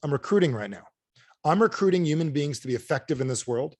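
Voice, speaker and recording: Fast, punchy motivational speaker man. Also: on the high side, animated, darkish tone, dry recording, clean studio sound. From United States. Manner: punchy, repetitive rhetorical questions. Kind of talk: motivational talk on a video call. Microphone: close mic on a video call.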